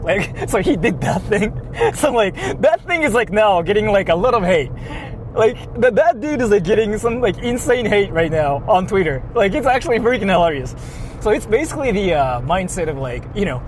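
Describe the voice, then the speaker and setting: A man telling a story in a casual vlog, animated and full of filler words. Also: sits high, fairly quick, background noise. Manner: animated, heavy use of filler "like", laughs often. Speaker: vlogger. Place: inside a car.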